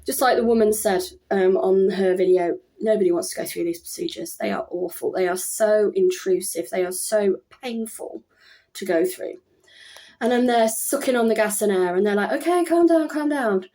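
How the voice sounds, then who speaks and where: A woman's voice: medium pitch, steady tone, moderate pace, dark tone. A woman in her thirties talking casually at home about her own experience, rambling and chatty with many fillers and restarts. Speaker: vlogger. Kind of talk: casual personal talk to camera.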